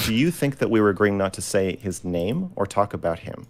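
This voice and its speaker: A man's voice: fairly low pitch, very animated, fairly quick, a little hiss or hum. A man in an online debate who presses hard with repeated questions and sometimes raises his voice.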